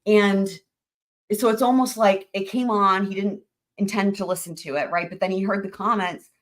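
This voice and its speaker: A woman's voice: medium pitch, steady tone, normal speed. A young woman, hosting a trial recap channel and telling viewers a story in a chatty, gushing way, full of fillers and restarts.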